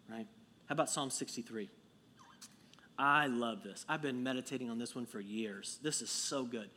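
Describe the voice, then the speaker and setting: A man preaching a sermon to his congregation, conversational and earnest, dropping to a hush and then rising to emphatic peaks. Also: mid-range voice, normal speed, slight background noise. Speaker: pastor.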